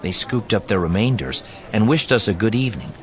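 A man with a low voice narrates a first-person story in a dry, wry way. His pitch moves a lot, and faint crowd noise can be heard behind him. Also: big pitch swings, fairly quick.

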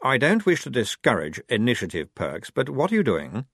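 A man's voice: medium pitch, wildly swooping pitch, moderate pace, fairly bright tone, breathy edge, no echo, studio quality, exaggerated voice. A man voicing a fretful young male officer who speaks in a prim, quavering way.

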